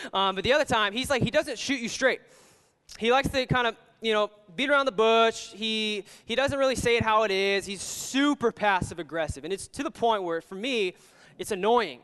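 Young male youth pastor, loose, chatty, filler-heavy delivery, smooth, high-set voice; reverberant hall. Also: a bit bright. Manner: rambling, filler-heavy, with many "like"s and restarts. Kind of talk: casual sermon with storytelling. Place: church hall. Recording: long reverb of a large hall.

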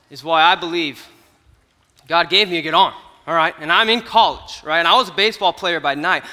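A young man giving a comedic storytelling sermon at an event, animated and swinging from hushed to loud. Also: a little high. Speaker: youth speaker at an event. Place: large hall at an event. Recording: hall reverb from a stage.

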